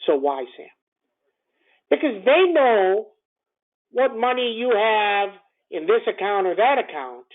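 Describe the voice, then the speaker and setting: A man's voice: high-pitched, big pitch swings, takes it slowly, pauses often. A man giving a morning stock-market call, blunt and repetitive, full of rhetorical questions. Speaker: stock trading commentator. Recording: tinny phone-line sound.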